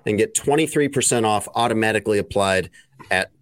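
A man's voice: lowish voice, brisk, a bit bright. A man hosting a casual podcast chat, teasing his co-hosts and reading an ad in an easygoing way. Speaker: podcast host.

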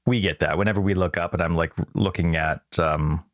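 Low-voiced man, rambling. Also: fairly even intonation, a little fast, no echo, studio quality. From Canada. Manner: rambling, joking storyteller. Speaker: podcast co-host. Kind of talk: casual chat.

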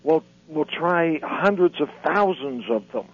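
A man's voice: a little high, expressive, slightly rough. Earnest man lecturing on radio. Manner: earnest, lecturing, halting restarts. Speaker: guest, author and lecturer. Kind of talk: radio interview. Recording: muffled radio broadcast.

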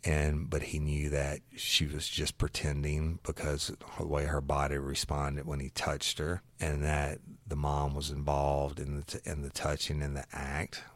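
A man's voice: extremely low pitch, monotone, unhurried, hardly any pauses, no echo. A man, a former investigator, recounting a case in casual, earnest, plain-spoken storytelling. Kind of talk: casual true-crime storytelling.

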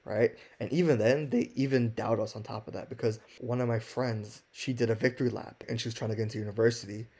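A man's voice: mid-range voice, steady tone, quick pace, hardly any pauses, a little mellow, husky. A young man co-hosting a podcast, telling stories in a loose, filler-heavy way. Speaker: podcast co-host. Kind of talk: casual podcast chat.

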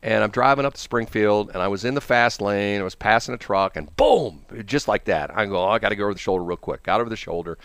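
A man's voice: on the low side, fast, hardly any pauses, clean tone, no room sound. Midwest radio guy rambling thru a story, laughs a lot, voice jumps all over. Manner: rambling, animated, laughs often. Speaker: morning radio host. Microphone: studio microphone.

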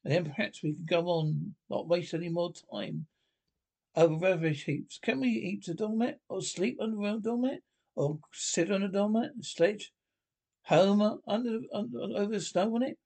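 A man's voice: high-pitched, normal speed, vocal fry, darkish tone, pitched above the performer's own voice. A man voicing a peevish, literal-minded male mole in a storybook reading. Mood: grumbling. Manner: peevish and complaining.

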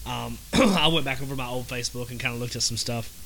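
A man's voice: mid-range voice, fast talker, vocal fry, fairly bright tone, slight background noise, rough recording. A man with a Southern American accent hosting a podcast in a casual, rambling monologue, repeating himself and using lots of fillers. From Southern United States. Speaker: podcast host.

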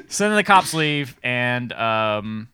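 A man's voice: mid-range voice, wildly swooping pitch, drawn-out words, very noisy. A man casually retelling a movie plot on a podcast, rambling with fillers. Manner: rambling storyteller with fillers and acted quotes. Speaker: podcast co-host. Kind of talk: casual movie recap chat.

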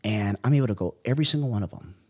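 A man in his thirties from the Bay Area, telling stories from his past as a guest in a podcast interview, animated and full of slang. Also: on the low side, very fast, husky. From Bay Area, California. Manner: animated storytelling with slang and laughs. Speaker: guest, business owner and former police officer.

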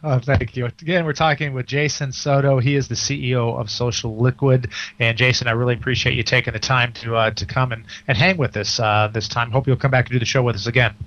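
A man's voice: medium pitch, steady tone, fast talker, few pauses, a bit bright. A middle-aged man hosts a casual talk radio interview. His delivery is hesitant, with many restarts and fillers. The audio is somewhat dull and lo-fi. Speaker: radio show host.

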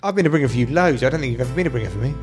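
A man's voice: mid-range voice, animated, rapid-fire, music in the background. A man in his thirties co-hosting a podcast, telling stories in a casual, sweary, laughing way. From England. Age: 30s. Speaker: podcast co-host. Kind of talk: casual chat.

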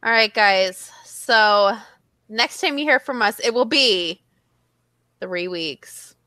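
Bright, lively woman co-host. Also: slow pace, no room sound. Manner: playful, laughs often, mimics others in high voices. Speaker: podcast co-host. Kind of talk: casual chat.

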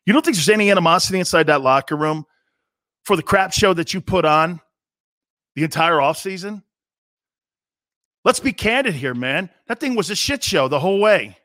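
Here a middle-aged sports radio host, fairly high in pitch, mounts a brash, mocking rant of strong opinions. He stays animated and puts on jeering voices, and the clean studio recording carries no room sound.

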